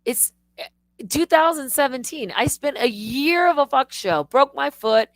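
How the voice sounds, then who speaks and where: A middle-aged woman hosting a live stream, telling stories in a rambling, animated way with swearing and restarts. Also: high-pitched, a little slow, dry recording. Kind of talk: casual live-stream monologue.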